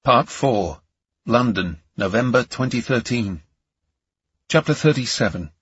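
A man narrates a thriller audiobook with a tense, gripping delivery. His voice is husky and sits low. The recording is dry and close, with a dull, lo-fi tone. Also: expressive, measured pace, fairly bright tone, no echo.

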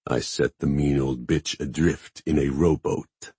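A man putting on a deep, nasal, blunt pirate captain. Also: steady tone, a little slow, mellow, slightly rough, dry recording, exaggerated voice. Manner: blunt, terse and coarse.

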